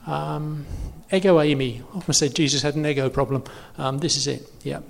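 A man's voice: on the high side, fairly even intonation, brisk, creaky. Man teaching faith in an echoey hall. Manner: chatty, self-correcting, many fillers. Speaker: preacher. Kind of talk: informal teaching talk. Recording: long hall reverb.

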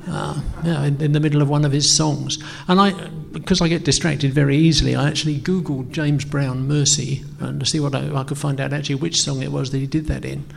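Speaking a little high and in a steady tone, the pastor talks fast with vocal fry and few breaks. It's a casual, hesitant sermon from a middle-aged man, thick with ums and self-mocking remarks, recorded with a church hall's long reverb.

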